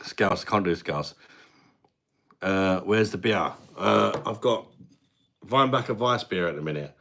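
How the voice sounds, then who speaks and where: Speaking a little slowly with vocal fry, this man in his thirties from England has a low, fairly bright voice and an animated delivery. He hosts a casual stream at his mum's house, chatting matily with viewers and reading their names aloud.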